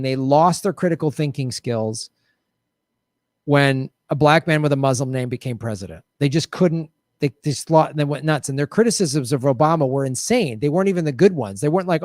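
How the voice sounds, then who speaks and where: Animated man answering viewer questions. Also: a little high, moderate pace, dry recording, clean studio sound. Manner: animated, jumps between mocking voices and mutters. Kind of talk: casual livestream commentary.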